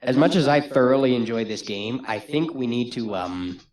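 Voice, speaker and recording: A man's voice: medium pitch, normal speed, a little mellow. A man on a live game stream, reading the text aloud with wry, dry humor. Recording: echoey room.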